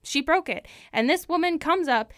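A woman's voice: sits high, expressive, normal speed, fairly bright tone, no echo, studio quality. A woman playing a folksy heartbroken cowboy. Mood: indignant folksy. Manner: folksy, repeats phrases for emphasis. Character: heartbroken male lone cowboy rancher, proud. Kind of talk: improvised comic storytelling.

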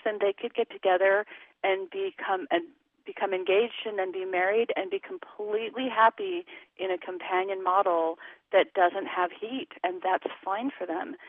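A woman's voice: mid-range voice, dry recording. A woman relationship coach speaking frankly and emphatically in an interview over the phone. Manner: frank and emphatic, talks candidly about sex. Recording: tinny phone line, dry.

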